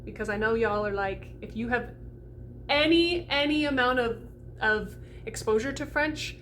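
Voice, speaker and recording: A woman voice coach teaching French diction for singers, bubbly and animated, sounding out vowels as she goes. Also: fairly high pitch, moderate pace, slight background noise. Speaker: classical voice coach.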